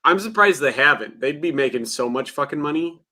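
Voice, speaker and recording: A man's voice: on the high side, animated, a little fast, bright, forceful tone. A man co-hosting a casual chat, cracking jokes and laughing often. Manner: jokey, laughs often, short replies.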